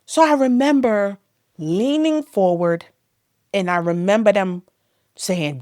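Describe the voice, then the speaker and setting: A woman as an interview guest, telling a personal testimony with emotion, her voice swinging between loud and hushed. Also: mid-range voice, takes it slowly, no room sound, clean studio sound.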